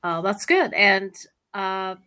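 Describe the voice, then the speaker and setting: A woman teaching English on a video call, chatty and quick to laugh, with many "like"s. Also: mid-range voice, lively intonation, bright, forceful tone, smooth. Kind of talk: online English lesson conversation. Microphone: computer mic on a video call.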